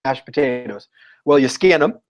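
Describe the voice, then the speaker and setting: A man talking as a guest educator in a casual interview, telling lively stories and acting out what people said. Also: mid-range voice, normal speed, low-quality recording. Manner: animated storyteller, acts out quotes.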